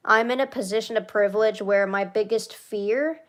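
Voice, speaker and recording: A young woman streamer chatting casually and rambling, self-deprecating, swinging from tired sighs to excited squeals. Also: medium pitch, moderate pace. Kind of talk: casual rambling livestream chat.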